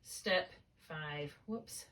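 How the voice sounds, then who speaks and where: A woman's voice: low-pitched, extremely slow, a bit bright, recorded from a distance, slight background noise. A woman tutoring a student one on one, explaining spelling rules patiently step by step and checking often that it makes sense. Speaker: reading tutor.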